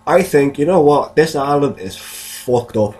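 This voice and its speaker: A man's voice: on the high side, lively intonation, unhurried, a little mellow. A man, co-hosting a podcast and rambling through jokey stories in casual chat. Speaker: podcast co-host.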